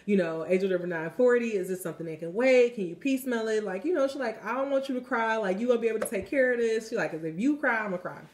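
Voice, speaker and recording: A woman's voice: a little high, fast talker, hardly any pauses. A young woman, a tarot reader telling a story in a chatty, casual way, full of "like" and "you know", with the odd swear word. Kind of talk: casual spiritual vlog talk.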